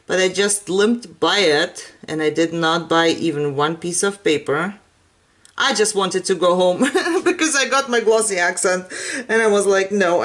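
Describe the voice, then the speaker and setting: Lady crafter chatting slow, english not her first language, giggles a lot. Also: medium pitch. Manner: chatty and self-deprecating, laughs often. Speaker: craft channel host. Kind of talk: casual crafting tutorial chat.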